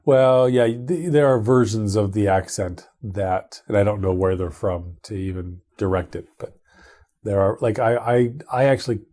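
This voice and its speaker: A man's voice: on the low side, normal speed, dark tone. A middle-aged man co-hosting a podcast, chatting casually about tech and his family in a rambling way with many restarts. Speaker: podcast co-host.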